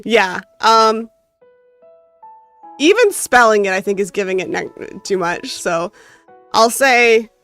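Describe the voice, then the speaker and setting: While streaming, a North American woman reads a visual novel's text aloud with feeling and slips into casual asides to chat. Her medium-pitched, fairly bright voice has lively intonation and a slow pace with frequent pauses, over soft background music.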